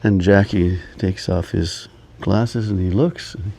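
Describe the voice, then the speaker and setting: A man's voice: deep voice, fairly even intonation, vocal fry, mellow. An older man telling rambling personal stories in a casual, meandering way, chuckling often. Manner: meandering, chuckling, many pauses. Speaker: storyteller. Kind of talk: casual storytelling.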